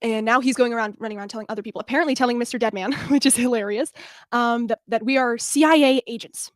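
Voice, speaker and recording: A woman's voice: a little high, fairly even intonation, fast talker, dry recording, clean studio sound. A young woman streaming in casual chat, out of breath, blunt and self-deprecating.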